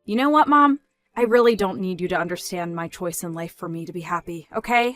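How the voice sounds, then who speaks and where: A young woman voicing an independent daughter who speaks in a measured, firm way in a scripted story dub. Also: on the low side, fairly bright tone, soft background music, close to an everyday voice.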